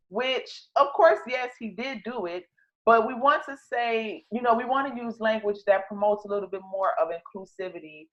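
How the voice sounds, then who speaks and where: A woman's voice: on the high side, moderate pace, muffled recording. Woman giving a conversational teaching talk. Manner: conversational, many fillers and restarts, repeats key words. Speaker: teacher trainer. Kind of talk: instructional talk.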